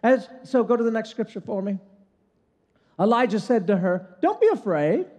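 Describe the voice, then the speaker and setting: An older man, a pastor, preaching a lively, conversational sermon and often checking in with "right?". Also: sits high, normal speed, big-room sound.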